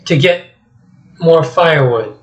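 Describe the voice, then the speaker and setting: A man's voice: fairly high pitch, highs cut off. Shrek, an awkward grumpy ogre, as a man reads him. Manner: halting, mumbling. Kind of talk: solo script reading with voices.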